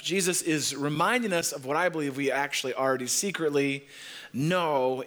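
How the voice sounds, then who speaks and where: A man preaching a sermon, telling stories and repeating phrases slowly for emphasis. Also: medium pitch, a bit bright. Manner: storytelling preacher, leans on repetition and slows down for emphasis. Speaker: pastor.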